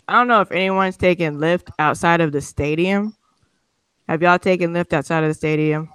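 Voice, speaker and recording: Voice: medium pitch, normal speed, a bit bright, clean tone, no echo. Exasperated, profane podcast host rant. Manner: sarcastic, mocks people's excuses. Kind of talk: comedic rant.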